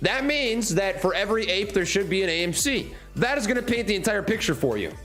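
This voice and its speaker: Brief: male streamer, high and lively voice, casual chart talk, faint music under. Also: fairly quick. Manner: animated, chatty, talks through charts with fillers and repeats. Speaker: livestream stock trading host. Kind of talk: casual live chart commentary.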